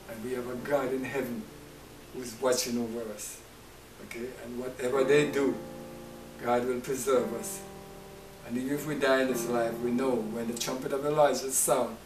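A man's voice: medium pitch, level tone, normal speed, recorded from a distance. A man preaching a conversational sermon, often stopping to check in with listeners with a repeated "right?". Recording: echoey, from off-mic, with guitar.

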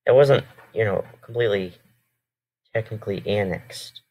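A man's voice: fairly low pitch, moderate pace, warm tone. A man casually commenting over a history video, hesitant and rambling, correcting himself often. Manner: hesitant, rambling with many fillers and self-corrections. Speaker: reaction video host.

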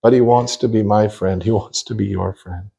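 A man preaching a sermon at a church conference, earnest and emphatic, slowing down to stress key phrases. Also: on the low side, fairly even intonation, vocal fry, warm tone. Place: church chapel.

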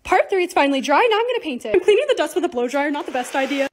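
A woman's voice: high-pitched, very animated, racing. A young woman narrating her home projects and shopping hauls in a chatty, bubbly vlog voice-over. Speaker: lifestyle vlogger.

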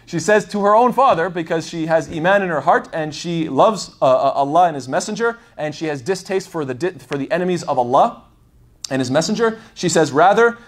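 A man's voice: a little high, lively intonation, brisk. A man giving a casual religious lesson, rambling and thinking aloud with plenty of fillers as he tells the story. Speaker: Islamic lecturer. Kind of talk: casual explanatory talk.

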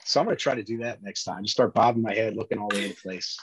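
A man's voice: lowish voice, rapid-fire, crowd noise, low-quality recording. A man who is an actor and former police officer, talking earnestly in a casual interview and rambling with many restarts.

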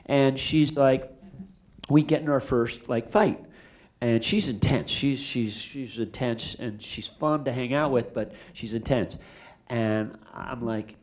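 A middle-aged man, a film director, answering audience questions after a screening, telling stories in a rambling, animated way full of fillers and restarts. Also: medium pitch, unhurried. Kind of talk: casual storytelling Q&A.

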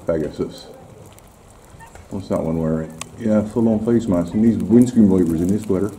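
Walking his dog by the rainy sea, a low, dark-voiced man talks casually to his handheld camera at a moderate pace. He chats to the dog and laughs at his own expense; the rough recording catches faint outdoor sounds.

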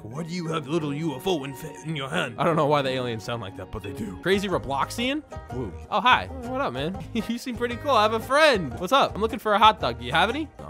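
A man hosting a gaming video, joking through playful commentary with bursts of loud exclamations. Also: sits high.

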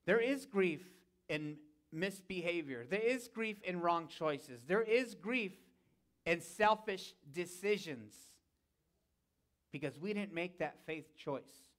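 High-voiced man preaching a sermon. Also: animated, slow, a bit bright. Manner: preaching with repeated calls of "Amen?" to the congregation. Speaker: pastor. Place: church sanctuary.

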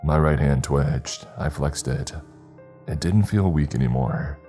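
Very deep, dark-voiced male horror narrator. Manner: measured, dramatic storytelling. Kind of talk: scripted horror story narration. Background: faint background music.

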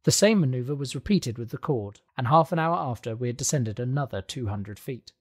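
A man reading a classic adventure novel aloud as audiobook narration, calm and even. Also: medium pitch, brisk, slightly rough. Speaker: audiobook reader. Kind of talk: scripted narration.

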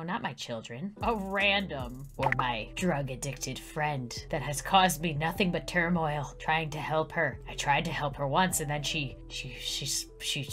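A young woman giving playful commentary while she plays a life-sim game, swinging from loud mock outrage to low muttering. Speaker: gaming YouTuber.

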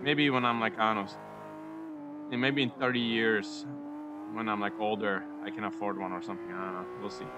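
A young man giving casual, excitable commentary over a racing game, joking and giggling as he drives. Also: lowish voice, brisk, very noisy. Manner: excitable, giggly, jokey running chatter. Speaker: gaming YouTuber.

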